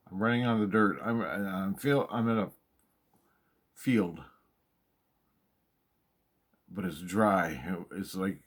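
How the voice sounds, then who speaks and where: A man with a fairly low voice tells a personal story in a casual monologue. He is excitable and profane, and he repeats himself when he wants to stress a point.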